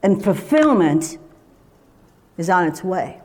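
A woman's voice: fairly low pitch, sing-song, slow, a little mellow. A woman preaching a sermon in a conversational, emphatic way, full of rhetorical questions.

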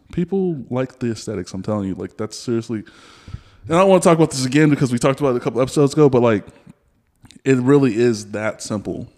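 A man's voice: medium pitch, a little mellow. A man hosting a podcast in casual chat, pressing his point and repeating it. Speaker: podcast host.

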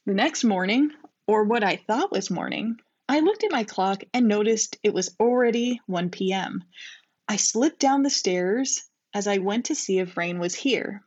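A woman's voice: mid-range voice, animated, unhurried, a little mellow, dry recording. A woman co-hosting a podcast, reading her childhood fanfiction aloud and laughing at her own writing. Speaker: podcast co-host. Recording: dull lo-fi recording.

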